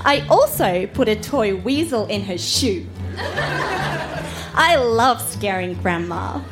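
A woman's voice: mid-range voice, expressive, slow pace, over music. A woman reading her childhood journal aloud, amused and laughing through it. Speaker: reader on a storytelling show.

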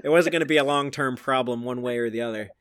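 Bright-voiced chatty man on a podcast. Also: mid-range voice, fast, no echo, studio quality. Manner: chatty, fills speech with "like". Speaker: podcast host. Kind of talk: casual chat reviewing a cartoon episode.

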